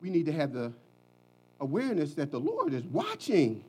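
A male preacher delivering a lively, folksy sermon, swinging between hushed talk and shouting. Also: fairly high pitch, normal speed, breathy edge.

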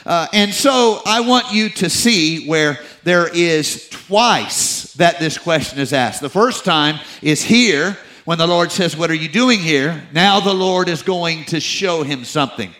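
A middle-aged male pastor preaching a sermon, moving between loud emphatic peaks and low confiding asides, with teasing, self-deprecating humor. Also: measured pace, few pauses, low-quality recording.

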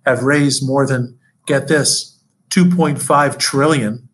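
A man's voice: medium pitch, slight background noise, rough recording. Older man recalling old deals. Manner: storytelling, acts out quotes. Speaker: interviewer and former colleague. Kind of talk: reminiscing conversation.

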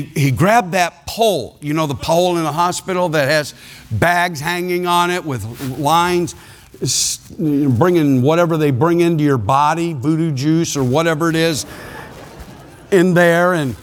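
A man preaching a sermon as a pastor, telling a story with laughter and acting out the people in it. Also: a little high.

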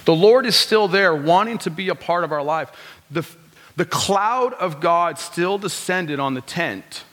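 Man, thirties, pastor, conversational sermon, rhetorical questions, slightly high voice, long church reverb. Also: lively intonation, a little slow, fairly bright tone. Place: church sanctuary.

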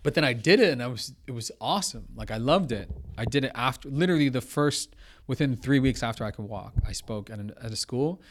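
A young man speaks as a podcast guest, telling an anecdote with lively energy. He acts out both sides of a conversation and keeps it loose and casual. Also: medium pitch, a little fast, a little hiss or hum. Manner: animated, quotes others, says blah blah. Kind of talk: casual storytelling.

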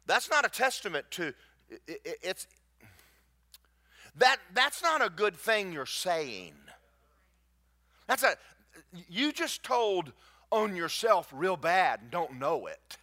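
Animated preacher, bright and lively. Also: male voice, high voice, slow pace, pauses often. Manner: animated, rising to near shouts at peaks, folksy asides to the congregation. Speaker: pastor. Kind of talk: sermon. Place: church sanctuary.

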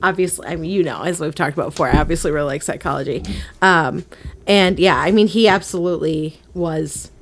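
A young woman co-hosting a podcast, talking about a film in an eager, gushing way and quickly agreeing. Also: low-pitched, slight background noise. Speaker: podcast co-host. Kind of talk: casual film review chat.

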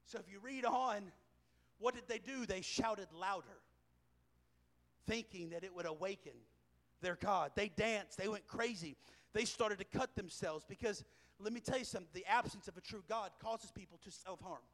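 A man preaching a sermon, telling a scripture story with animated delivery, chuckling and raising his voice for emphasis. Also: sits high, moderate pace. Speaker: pastor.

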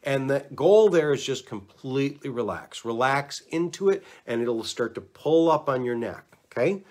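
A man of middle pitch talks through neck exercises in an easygoing, conversational way. He speaks straight to the camera as an instructor and demonstrates each step while he explains it. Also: normal speed. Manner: relaxed, chatty, demonstrating as he talks. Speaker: instructor giving neck relief tips. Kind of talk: casual instructional talk to camera.

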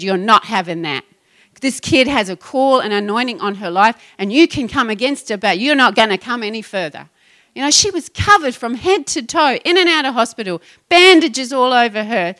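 A middle-aged woman pastor preaching a passionate, rising sermon to her congregation. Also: a little high. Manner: passionate, building to excited exhortation.

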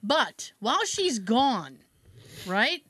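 Animated high-pitched woman telling a story. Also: very slow, husky, no echo. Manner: animated, acts out quotes in shifting voices, laughs often. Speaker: podcast co-host telling a story. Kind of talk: casual storytelling chat.

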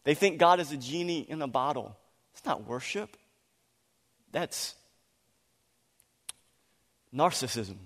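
A man preaching a sermon as a pastor, animated and acting out voices when he quotes people, laughing now and then. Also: a little high, slow pace, pauses often. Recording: long hall reverb.

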